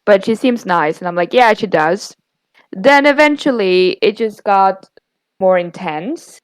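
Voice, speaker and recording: Smooth-voiced young woman telling a story. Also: medium pitch, a little slow, no room sound, poor audio. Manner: candid, retelling a bad date with quoted dialogue. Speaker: podcast co-host. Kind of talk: casual storytelling.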